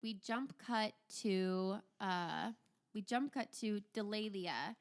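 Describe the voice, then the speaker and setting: Smooth-voiced woman game master. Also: medium pitch, takes it slowly. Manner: casual narration with fillers. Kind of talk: narrating a tabletop game.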